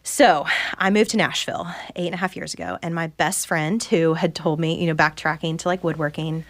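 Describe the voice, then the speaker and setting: Her voice deep and steady, and her delivery brisk, a woman in her thirties appears as a podcast guest. She candidly shares her own story, sincere throughout, and gives voice to the people she quotes.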